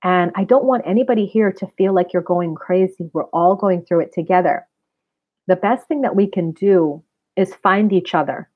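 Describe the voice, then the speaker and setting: A woman in her forties, a spiritual reader and wellness center owner, chatting casually and earnestly with her live-stream viewers and addressing them directly. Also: fairly low pitch. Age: 40s. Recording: tinny phone-like sound.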